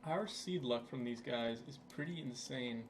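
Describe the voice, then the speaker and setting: Recorded at his computer, this gaming channel host is a young man with a medium-pitched voice who speaks unhurriedly. His commentary over the gameplay is relaxed and rambling, packed with fillers, and there's a faint hiss or hum.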